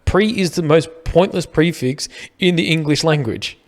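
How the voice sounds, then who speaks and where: A man's voice: a little high, normal speed. Rambling Australian man, podcast co-host. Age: middle-aged. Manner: rambling, argumentative, repeats words. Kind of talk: casual chat.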